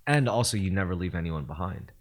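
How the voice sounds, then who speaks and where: A man's voice: low voice, animated, fast talker. A man co-hosting a podcast in casual chat, rambling with many fillers and restarts. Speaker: podcast co-host.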